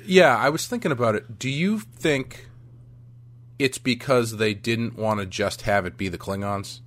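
A man's voice: medium pitch, a little slow, fairly bright tone. A man co-hosting a podcast, chatting about a film in a casual, joking way and often restarting his sentences. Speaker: podcast co-host.

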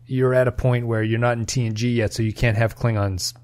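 A man co-hosting a casual podcast about a film, weighing each point thoughtfully. His voice sits at an ordinary middle pitch, and he talks in an even, analytical way, often restarting his sentences. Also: brisk. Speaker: podcast co-host.

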